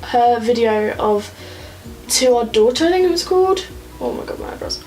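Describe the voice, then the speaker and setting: A woman's voice: on the high side, expressive, moderate pace, a little mellow, faint music behind, low-quality recording. Rambling young woman vlogging. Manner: chatty and rambling, many filler "like"s. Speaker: beauty vlogger. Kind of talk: casual get-ready-with-me chat. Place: at home, indoors.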